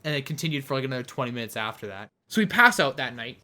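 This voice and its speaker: A young man from Canada telling a long, animated anecdote on a podcast, rambling and often breaking into laughter. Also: medium pitch, rapid-fire. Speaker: podcast host. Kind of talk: casual storytelling chat.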